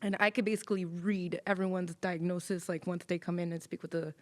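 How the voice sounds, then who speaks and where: Young woman podcast co-host, lively storyteller, casual, a bit profane. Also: fairly low pitch, a little fast. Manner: animated storyteller, swears freely, acts out quoted people. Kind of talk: casual chat.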